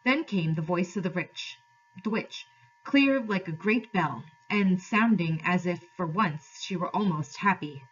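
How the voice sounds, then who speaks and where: Husky-voiced woman teacher reading aloud. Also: fairly low pitch, unhurried, dull audio. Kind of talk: reading a novel aloud to a class.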